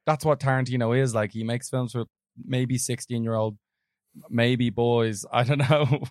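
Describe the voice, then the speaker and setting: A man's voice: mid-range voice, steady tone, measured pace, darkish tone, no echo, studio quality. A man co-hosting a film podcast, rambling in casual chat and laughing often. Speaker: podcast co-host.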